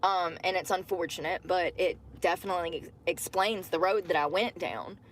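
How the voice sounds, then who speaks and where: A woman's voice: fairly low pitch, moderate pace, a little hiss or hum. A woman telling a personal story casually to her livestream viewers, calling them y'all. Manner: chatty, addresses viewers as y'all.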